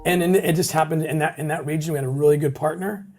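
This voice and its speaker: A man who leads an anti-trafficking group, telling a story in an interview in an animated way with many quick restarts. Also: fairly high pitch, faint music behind. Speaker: anti-trafficking organization leader.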